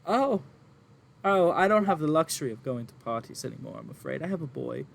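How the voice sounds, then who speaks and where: A man's voice: very animated, brisk, creaky, heavily acted. A man voicing an emotional, flustered middle-aged farm mother who rambles and stammers through her troubles. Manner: flustered, tearful rambling with high squeaky jumps. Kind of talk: tabletop role-play character voice.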